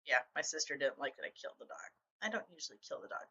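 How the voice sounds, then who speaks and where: A woman's voice: low voice, very fast, slightly rough. A middle-aged woman vlogging about her writing, telling stories animatedly and acting out other people's reactions. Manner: animated storytelling, acts out quoted reactions. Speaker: novelist vlogger. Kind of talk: casual talk to camera. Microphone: camera mic. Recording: dull lo-fi camera audio.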